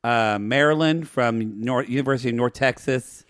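A man's voice: medium pitch, normal speed, a bit bright, dry recording, studio quality. A man co-hosting a podcast, recapping reality TV in a drawling, wry, joking way. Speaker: podcast co-host. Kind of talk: casual chat recapping reality TV.

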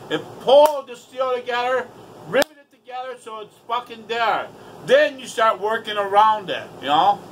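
High-voiced man, casual profane rant, exasperated storyteller. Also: fairly bright tone, a little hiss or hum, poor audio. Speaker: vlogger.

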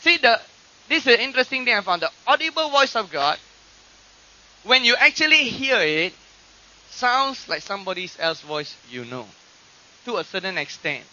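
A man preaching a sermon, teaching from scripture and acting out quoted voices with animated emphasis. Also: high-pitched, moderate pace, long pauses. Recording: dull lo-fi archive recording.

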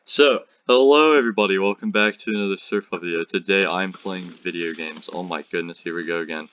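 Teen guy chatting while he plays, low voice but kinda bright and edgy, rambles and jokes around. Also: flat delivery, fairly quick. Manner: rambling, jokey, talks to enemies on screen. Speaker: gaming channel host. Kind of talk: casual gameplay commentary.

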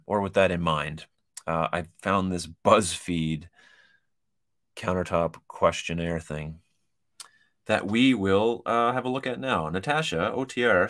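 A man's voice: sits low, a bit bright. A man hosting a casual kitchen-design show, reading an online quiz aloud and joking through it. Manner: joking, chatty, reads quiz items aloud with asides. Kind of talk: casual commentary over a shared screen.

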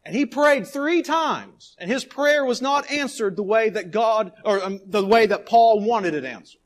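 Animated preaching man, high and lively. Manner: preaching with dramatic swings between loud emphasis and quiet, drawn-out phrases. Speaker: pastor. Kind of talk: sermon. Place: church sanctuary.

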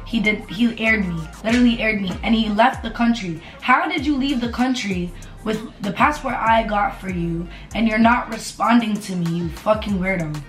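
A woman telling a casual storytime on camera, animated and profane, repeating herself for emphasis. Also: mid-range voice, moderate pace. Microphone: camera mic. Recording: roomy echo, faint music behind.

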